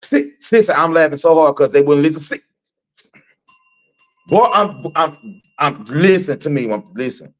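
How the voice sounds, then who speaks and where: This is a middle-aged man from Texas with a voice on the high side. He hosts an off-the-cuff live stream. He rants in an animated, preachy way, swears freely and hammers his points home by repeating them. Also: a little slow, pauses often. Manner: animated, repetitive, preachy and profane. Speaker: host.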